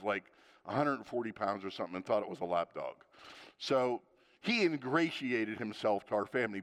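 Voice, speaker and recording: A man's voice: medium pitch, big-room sound. A man in his sixties preaching a sermon, telling funny stories from his marriage and acting out the lines of the people in them. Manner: animated storytelling with acted quotes and laughter. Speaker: pastor.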